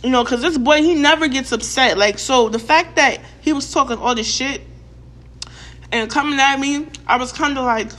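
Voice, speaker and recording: A young woman vlogger tells a storytime rant to her audience, animated and profane, packed with filler words and re-enacted quotes. Her voice sits high and moves briskly.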